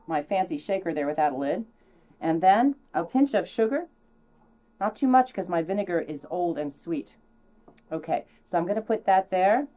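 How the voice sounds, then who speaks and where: A woman hosting a casual cooking demonstration, chatty and theatrical, now and then dropping mock French phrases with high, excited exclamations. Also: moderate pace. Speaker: cooking show host.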